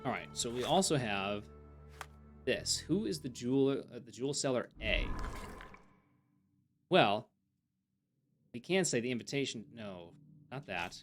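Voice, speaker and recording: A man streaming a video game live, thinking aloud and gently mocking himself. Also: medium pitch, big pitch swings, measured pace, pauses often, faint music behind.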